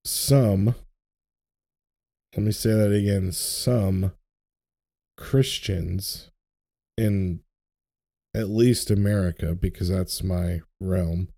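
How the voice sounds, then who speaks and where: A man's voice: on the low side, vocal fry, mellow. A young man in casual podcast chat, ranting with profanity and passion about his faith.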